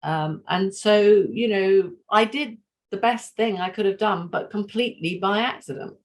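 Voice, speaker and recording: A middle-aged woman being interviewed, talking in an animated, emphatic and self-effacing way. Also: mid-range voice, moderate pace. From United Kingdom. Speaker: podcast guest. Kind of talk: conversational interview.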